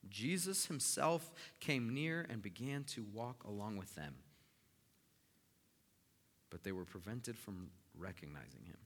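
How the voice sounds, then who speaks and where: A male pastor preaches with a bright, forceful voice. He retells the story with animated swings between soft, slow lines and loud, emphatic ones. A long hall reverb trails after every phrase. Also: on the low side. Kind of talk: sermon.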